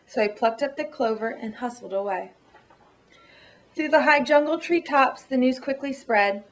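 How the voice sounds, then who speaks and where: Woman, storyteller, children's rhyming book, rhythmic, lilting, fairly high voice. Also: moderate pace, low-quality recording.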